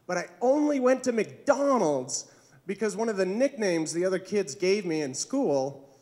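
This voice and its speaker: Male stand-up comic, high voice, lively pitch, self-deprecating, comedy club stage. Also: moderate pace. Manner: awkward, self-deprecating, chuckles at own jokes.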